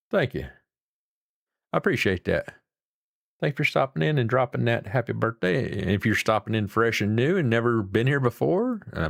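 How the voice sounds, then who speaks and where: A man with an Appalachian accent and a mid-range voice with vocal fry hosts a livestream, chatting casually with viewers. The studio sound is clean with no room echo, and his talk is folksy, rambling, and salty.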